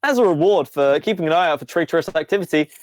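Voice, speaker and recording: A man's voice: fairly high pitch, lively intonation, fast, no room sound, voice pushed up, natural voice. A man voicing a cheerful but menacing all-seeing computer overseer, speaking in a chirpy, falsely friendly and suspicious tone.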